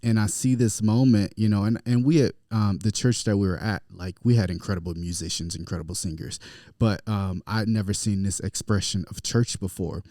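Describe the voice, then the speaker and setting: Florida guy pastor on a podcast, lowish warm voice, lots of ums. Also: fairly quick, no room sound, studio quality. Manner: relaxed, filler-heavy storytelling. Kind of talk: casual podcast chat, storytelling.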